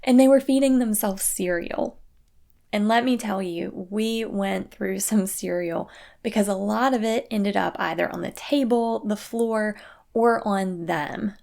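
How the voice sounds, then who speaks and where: A woman's voice: on the high side, creaky. Earnest woman hosting a parenting talk. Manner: calm, earnest, acts out quoted phrases. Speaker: parenting podcast host. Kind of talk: scripted solo talk.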